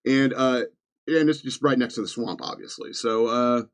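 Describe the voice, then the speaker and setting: A man's voice: mid-range voice, fairly even intonation, moderate pace. A man hosting a podcast from Virginia, reading news stories with sarcastic, chuckling asides in a casual comedic style. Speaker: podcast host.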